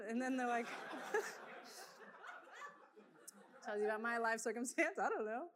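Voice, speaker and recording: A woman giving a sermon to a congregation, conversational and animated, telling personal stories and laughing often. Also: on the high side, slow, long pauses, noisy background. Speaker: preacher.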